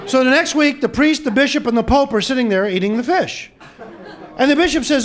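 A man doing stand-up comedy, telling jokes with animated punchline delivery. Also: very high-pitched, fairly quick. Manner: animated, punchline-driven storytelling.

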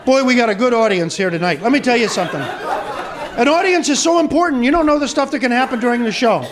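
A man doing stand-up comedy, telling jokes with animated punchline delivery. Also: very high voice, fast talker, crowd noise. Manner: animated, punchline-driven storytelling.

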